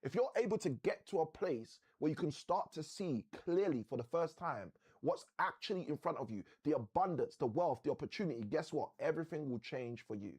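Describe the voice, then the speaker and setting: A man hosting a live motivational session, telling a story like a preacher with slow, dramatic emphasis. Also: a little high, lively intonation, darkish tone, breathy edge.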